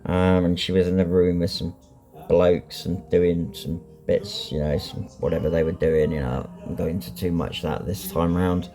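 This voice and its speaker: A man's voice: deep voice, steady tone, moderate pace, warm tone. A man vlogging candidly about his life, talking bluntly and rambling with lots of ums and you-knows. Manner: blunt and frank, swears. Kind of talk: candid personal vlog.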